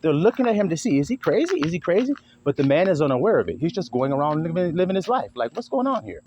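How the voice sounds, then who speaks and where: Man, preaching monologue, emphatic and profane, fairly high voice, faint hiss. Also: very animated, fast, a little mellow. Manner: emphatic, swings into acted quotes, blunt and profane. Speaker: online preacher. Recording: dull lo-fi recording with faint hiss.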